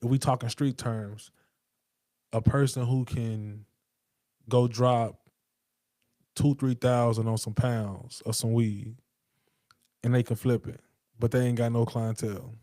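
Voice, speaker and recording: A man's voice: medium pitch, flat delivery, a little slow, pauses often, dark tone, dry recording, studio quality. A man talking casually in a rambling, emphatic monologue, full of street slang and profanity. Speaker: podcast host.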